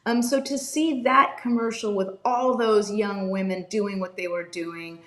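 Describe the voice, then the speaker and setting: A woman's voice: mid-range voice, fairly even intonation, a little slow, reverberant. A woman NFL analyst talking passionately and with emphasis as a guest on a video call interview.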